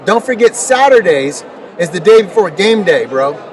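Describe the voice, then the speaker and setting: A man's voice: high voice, very animated, normal speed. A middle-aged man, an interview guest, telling personal stories in an emphatic way, repeating words and building rhetorical questions. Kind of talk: conversational storytelling interview. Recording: distant mic with noticeable noise.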